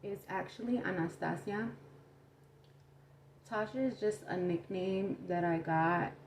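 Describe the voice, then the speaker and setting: A young adult woman vlogger telling a story in casual chat, animated, acting out quotes and saying "like" a lot. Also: fairly low pitch, a little hiss or hum. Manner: animated, acts out quotes, says "like" often.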